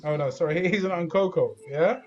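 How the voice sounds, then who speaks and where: A young man chats and teases in slang on a podcast. His voice sits a little high. The online call audio is slightly dull and lo-fi. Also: fast talker, loud music behind the voice. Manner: banter-heavy London slang. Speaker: podcast co-host. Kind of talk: casual chat over a video call. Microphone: video call.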